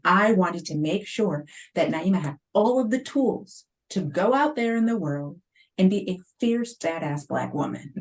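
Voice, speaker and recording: Middle-aged woman host, lower voice. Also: rough recording. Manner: expressive, laughs often. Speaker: host, mother. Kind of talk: casual panel talk.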